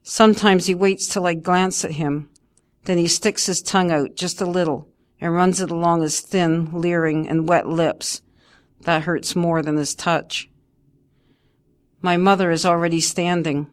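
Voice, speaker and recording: Woman narrating a memoir in a low voice. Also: steady tone, measured pace.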